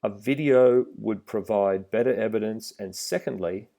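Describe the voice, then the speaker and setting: Relaxed man with a low, mellow voice. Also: moderate pace, gravelly. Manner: relaxed, plain-spoken, with some fillers. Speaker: driving instructor trainer. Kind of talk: instructional voice-over with slides.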